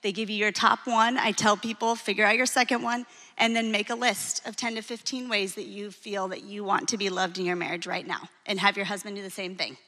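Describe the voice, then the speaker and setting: A woman in her forties, a marriage coach, giving a lively, frank and encouraging talk to a live audience. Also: mid-range voice, fairly quick. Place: hall with an audience. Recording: long reverb of a large hall.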